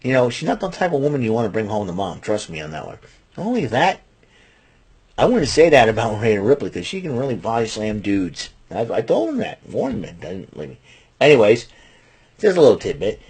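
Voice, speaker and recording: A man's voice: medium pitch, huge pitch swings, a little fast, darkish tone, slightly rough. Chatty man giving wrestling picks. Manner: rambling, chatty, restarts and fillers. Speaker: wrestling show host. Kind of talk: casual solo recap and predictions.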